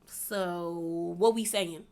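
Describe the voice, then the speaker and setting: A woman's voice: lowish voice, steady tone, extremely slow, a little mellow. A young woman casually recapping a reality show, chatty and laughing often, with plenty of filler words. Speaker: recap vlogger.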